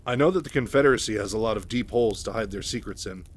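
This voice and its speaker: Brief: grave earnest reporter, read by a man in his low everyday voice. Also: fast, close to an everyday voice. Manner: serious, earnest. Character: serious earnest male reporter.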